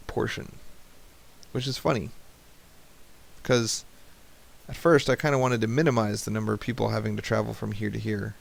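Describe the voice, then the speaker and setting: A man's voice: lowish voice, steady tone, normal speed, vocal fry. A man in his thirties hosting a let's play, chatting casually and joking at the game as he plays. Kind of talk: casual gameplay commentary.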